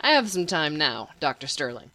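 Obliging male doctor, woman reading, dry sound, lowish voice. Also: very animated, normal speed, sharp tone, no room sound, full character voice.

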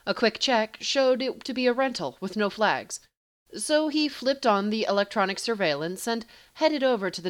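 A woman reading fan fiction aloud as an audiobook narrator with steady, even storytelling. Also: mid-range voice.

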